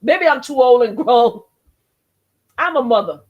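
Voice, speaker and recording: A woman who is a grandmother, hosting her own channel and chatting casually, animated and laughing often, swinging between exclamations and low asides. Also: a little slow, dull audio. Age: older. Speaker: host. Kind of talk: casual chat.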